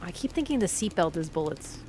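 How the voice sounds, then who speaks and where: A woman's voice: lowish voice, sing-song, a little fast, noisy background. A woman streaming a game live, chatting with her viewers in an opinionated way and yelping suddenly at what happens on screen. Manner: chatty and opinionated, talks straight to chat; sudden loud yelps at the game. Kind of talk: live gameplay commentary and chat reading. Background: game music.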